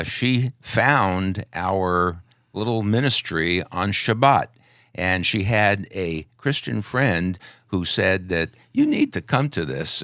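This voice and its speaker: Deep-voiced New man. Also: fairly bright tone, dry recording, clean studio sound. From Queens, New York. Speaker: podcast co-host. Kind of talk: casual podcast chat.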